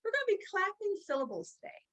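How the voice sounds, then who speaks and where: A woman's voice: extremely high pitch, very animated, a bit bright, poor audio. A woman teaching a children's phonics lesson, encouraging and drawing out words as she claps along. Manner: slow, sing-song and encouraging, drawing out words.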